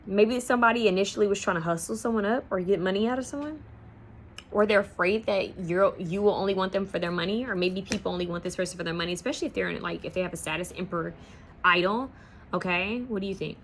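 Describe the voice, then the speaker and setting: A chatty woman reads tarot cards in a loose, rambling way. Her voice sits at an ordinary middle pitch. Faint background noise runs under her home recording. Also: fast. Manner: chatty, rambling, sings song snippets. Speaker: tarot card reader. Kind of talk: casual pick-a-card tarot reading.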